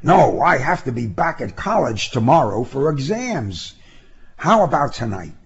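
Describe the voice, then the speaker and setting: A man's voice: medium pitch, very animated, measured pace, breathy edge, dull audio, pitched above the performer's own voice, heavily acted. A man reading a story, voicing an eager young man who pleads and presses to talk. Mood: pleading. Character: eager young man, former school president.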